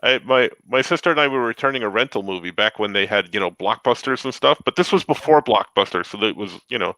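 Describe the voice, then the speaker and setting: A man's voice: on the low side, animated, quick pace, bright, forceful tone, no echo, poor audio. A man co-hosting a podcast, telling a story in a rambling, self-interrupting way and laughing often. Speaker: podcast co-host. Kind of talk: casual storytelling.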